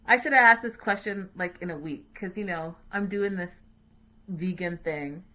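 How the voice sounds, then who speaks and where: Chatty woman host recapping a show, bright voice, lots of laughs and opinions. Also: medium pitch, unhurried. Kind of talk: casual recap commentary.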